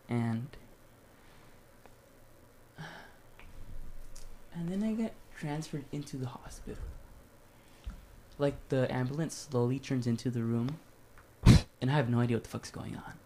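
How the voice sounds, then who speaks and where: A man's voice: mid-range voice, a little slow, pauses often, warm tone, slight background noise. A young man casually telling a long story on a podcast, full of swearing and "like". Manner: loose, profane storytelling with lots of "like". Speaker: podcast co-host.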